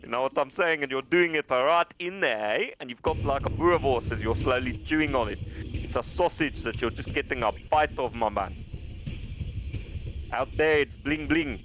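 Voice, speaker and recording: A man's voice: medium pitch, a bit bright, slight background noise, natural voice. A man doing a crude swaggering South African bloke. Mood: teasing crude. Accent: put-on South African. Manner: bawdy, teasing, drawn-out tags like "eh?" and "my man". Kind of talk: comic put-on accent on a game stream.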